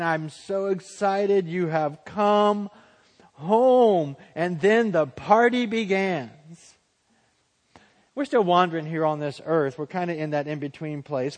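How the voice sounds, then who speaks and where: Preacher guy, highish voice, dramatic sermon, goes quiet and low for the humble bits, big echoey church. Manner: dramatic, drops to a hushed low voice for humble quotes. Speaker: pastor. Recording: long hall reverb.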